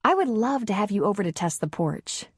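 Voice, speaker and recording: A woman voicing a lonely, eager woman, speaking softly in an audiobook. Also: medium pitch, expressive, brisk, breathy edge, dry recording, clean studio sound, voice pushed up. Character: lonely woman in her thirties, warm and eager.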